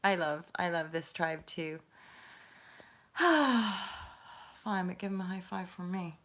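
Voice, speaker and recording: A woman hosting a live stream from home, talking loosely and laughing often as she answers her viewers. Her voice sits a little low, and she sounds like she is on a webcam mic. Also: little pitch movement, moderate pace, fairly bright tone. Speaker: host of a live tarot stream.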